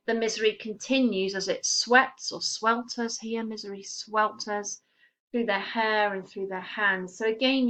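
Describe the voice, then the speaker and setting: A woman teaching a poetry lesson, explaining the text in a measured way and stressing key words. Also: medium pitch, a bit bright.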